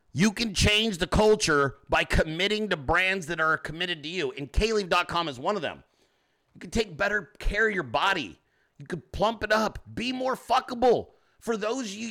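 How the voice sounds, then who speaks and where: Male podcast host, gravelly and sharp-toned, profane mocking rant. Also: high-pitched.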